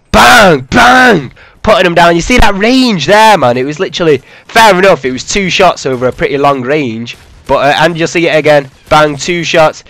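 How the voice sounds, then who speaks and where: A man's voice: fairly high pitch, a bit bright, no room sound. A man giving rambling, casual commentary over gameplay footage, swearing freely and filling gaps with "man" and "I don't know". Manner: rambling, profane, laid-back, with many fillers.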